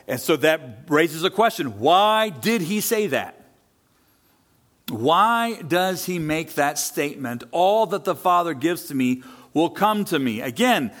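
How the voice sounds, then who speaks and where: A man preaching a sermon as pastor, emphatic, asking and answering rhetorical questions. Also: on the high side. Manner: animated, rising and falling delivery.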